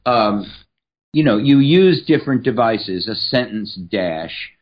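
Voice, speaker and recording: A man speaking as a podcast guest and writer, explaining ideas in a measured, teacherly way. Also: on the low side, lively intonation, muffled recording. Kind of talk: explanatory interview talk.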